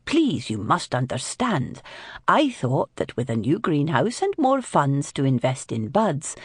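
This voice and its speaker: A woman's voice: rumbling low, slightly rough, no room sound, clean studio sound, pitched below the performer's own voice, full character voice. A woman narrator voicing a flustered, apologetic older father with white hair who rambles sheepishly and defensively.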